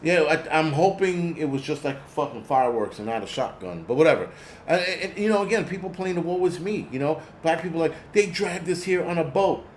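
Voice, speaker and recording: A man's voice: on the high side, expressive, brisk, reverberant, a little hiss or hum. A man hosting his own channel, ranting bluntly and angrily with a lot of swearing. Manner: profane, blunt, angry ranting. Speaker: host. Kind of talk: ranting monologue.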